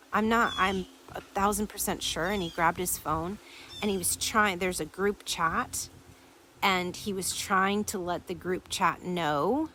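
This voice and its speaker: Woman podcast host, lowish voice, storytelling, acts out dialogue, faint background noise. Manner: animated storytelling, acting out quoted dialogue. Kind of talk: storytelling to listeners.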